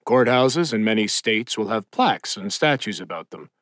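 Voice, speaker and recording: A man voicing a measured male devil who recites old commandments. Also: lowish voice, animated, fairly bright tone, no echo, clean studio sound. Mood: calm. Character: calm, knowing male devil advisor.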